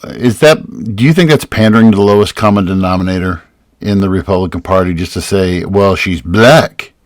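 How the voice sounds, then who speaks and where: A man hosting a political podcast in casual chat, animated, with frequent stammering restarts. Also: deep voice, a little fast, dry recording, clean studio sound. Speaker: podcast host.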